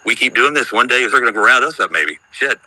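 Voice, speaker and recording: A man's voice: mid-range voice, expressive, a little fast, pushed and bright, no echo, poor audio. A man in his fifties calling into a live audio chat, talking in a worried, rambling, emphatic way. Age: 50s. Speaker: caller on a live audio room. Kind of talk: casual chat.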